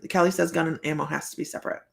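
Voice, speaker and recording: A woman's voice: sits low, steady tone, racing, creaky. A woman hosting a casual live stream as a psychic reader, telling rambling stories and laughing often. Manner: rambling, chatty, laughs often, many fillers. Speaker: psychic reader and show host.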